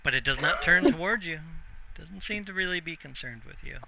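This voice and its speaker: A man's voice: a little high, lively intonation, brisk, creaky, over a noisy crowd. Man narrating as a casual game master. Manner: casual, meandering, with frequent fillers. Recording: dull lo-fi sound with faint background hiss.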